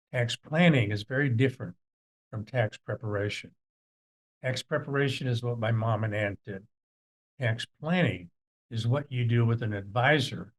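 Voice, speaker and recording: A middle-aged man, hosting a financial advice video and telling a family story in a folksy, anecdotal way. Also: mid-range voice. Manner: folksy, anecdotal, with animated quoted voices. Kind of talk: casual talk to camera, storytelling.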